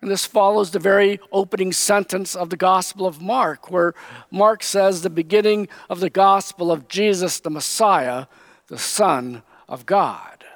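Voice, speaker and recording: A man preaching a sermon, teaching slowly and with emphasis, raising his voice when he quotes. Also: high-pitched, dry recording. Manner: slow, emphatic Bible teaching, quoting figures in raised voice.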